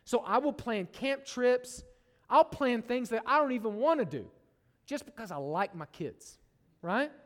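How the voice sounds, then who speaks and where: A middle-aged man preaching a sermon to his church, conversational and joking, tagging lines with "right?". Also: very high voice. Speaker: pastor. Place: church sanctuary. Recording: long reverb of a large hall.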